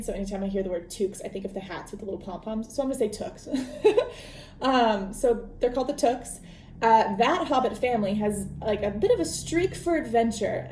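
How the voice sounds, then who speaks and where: A chatty young woman with a fairly high voice, talking through a book as a podcast host. She rambles casually with plenty of fillers. The room around her is echoey. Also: a little mellow. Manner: chatty, lots of ums and likes, laughs often.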